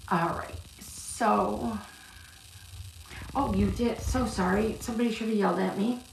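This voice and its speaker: A woman's voice: medium pitch, measured pace, creaky, far from the mic. Chatty woman on an echoey live stream. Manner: chatty, calls viewers love. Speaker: card reader. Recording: echoey room, off-mic, noisy.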